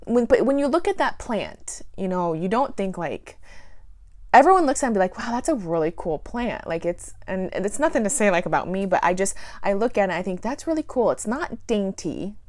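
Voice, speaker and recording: A woman's voice: mid-range voice, lively intonation, fairly quick, no room sound. Giggly, rambling woman vlogger. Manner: giggly, rambling, self-deprecating. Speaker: plant YouTuber. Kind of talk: casual vlog chat.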